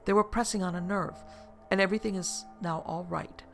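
A gentle, soothing young nurse, as a narrator voices her. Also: medium pitch, steady tone, brisk, gravelly, faint music behind, natural voice.

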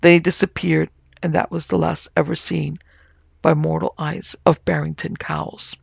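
A man narrating a ghost story for an audiobook in a measured, even-toned way. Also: on the high side, creaky, slightly rough, dry recording. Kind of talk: scripted narration.

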